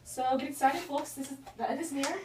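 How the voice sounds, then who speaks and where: A woman's voice: sits high, steady tone, brisk, darkish tone, natural voice. A teenage girl playing an upbeat female doctor in a school skit. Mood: explaining. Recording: echoey far-off camera audio with noise.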